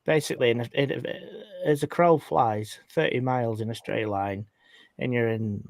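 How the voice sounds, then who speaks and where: A man's voice: mid-range voice, normal speed, dry recording. A man with a northern English accent, a guest on a podcast call, chatting with trailing restarts. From England. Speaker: guest cryptid investigator. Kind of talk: casual podcast chat.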